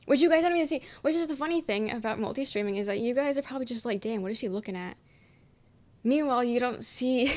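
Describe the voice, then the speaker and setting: A woman's voice: a little high, a little mellow. Rambling young woman streamer chatting. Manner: rambling, filler-heavy, swears casually, frequent "um". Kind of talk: casual chat reading viewer messages.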